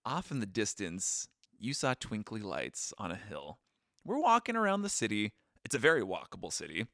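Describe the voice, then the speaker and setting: Young man, podcast co-host, casual travel storytelling, very animated, bright tone. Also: on the low side, moderate pace, dry recording, clean studio sound. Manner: animated, goofy impressions, reads from notes.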